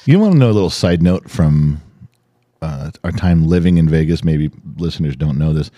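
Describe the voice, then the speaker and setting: Middle-aged male co-host, low and mellow, dry close sound, chatty explainer. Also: animated, moderate pace, dry recording, dull audio. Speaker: podcast co-host. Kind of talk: casual podcast chat.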